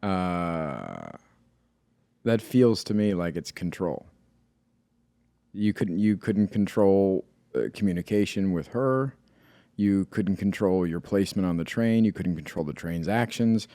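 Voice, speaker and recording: A young man co-hosting a podcast, reacting with quick interjections and thinking his ideas through out loud. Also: low voice, animated, dry recording. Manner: reacts with laughs and short interjections, then lays out his guesses thoughtfully. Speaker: podcast co-host. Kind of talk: casual chat.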